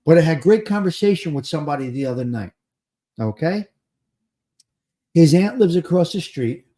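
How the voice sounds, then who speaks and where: A man's voice: fairly high pitch, animated, normal speed, pauses often, dark tone. A man with a New Jersey accent hosting a casual live stream, chatting and repeating phrases for emphasis.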